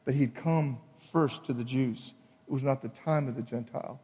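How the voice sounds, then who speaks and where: A man preaching a sermon, emphatic and animated, acting out the people in his retelling. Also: mid-range voice, normal speed, big-room sound, dull audio. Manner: emphatic, acts out voices in retelling. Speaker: pastor.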